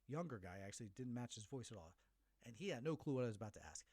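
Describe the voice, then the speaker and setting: Lively fast-talking middle-aged man storyteller. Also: mid-range voice, husky, no echo. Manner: animated storyteller who acts out the voices of others. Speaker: podcast host. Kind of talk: solo podcast storytelling.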